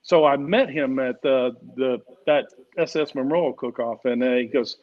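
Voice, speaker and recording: A man's voice: medium pitch, normal speed. A man telling a long, rambling story in casual chat, full of "uh" fillers. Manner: rambling, folksy, many "uh" fillers. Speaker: barbecue class teacher and guest. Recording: dull lo-fi stream audio.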